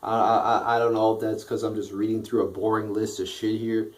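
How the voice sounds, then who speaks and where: A man's voice: on the low side, flat delivery, fairly quick, far from the mic, poor audio. A sleepy man ranting casually and profanely as a wrestling show reviewer, rambling with restarts and yawning.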